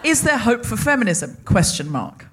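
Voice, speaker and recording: A woman's voice: a little high, very animated, moderate pace. A woman hosting a live podcast on stage, playful and laughing. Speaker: podcast host. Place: theatre stage, live audience.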